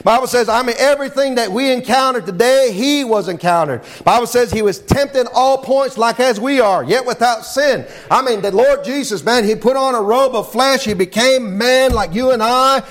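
Middle-aged male pastor, high-pitched, preaching with fervor and a steady stream of amens. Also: moderate pace, few pauses. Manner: fervent preaching, fills phrases with "Lord God" and "amen". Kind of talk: sermon.

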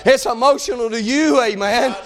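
A male preacher delivering an impassioned sermon that swings between fervent shouting and quieter pleading. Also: very high voice, moderate pace. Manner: impassioned, shouting in bursts, Southern-style dropped grammar.

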